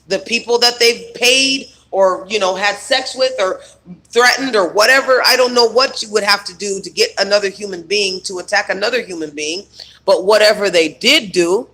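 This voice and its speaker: A man's voice: sits high, moderate pace, bright, forceful tone. A man coaching on trauma healing in a rambling, emphatic spiritual self-help monologue full of fillers.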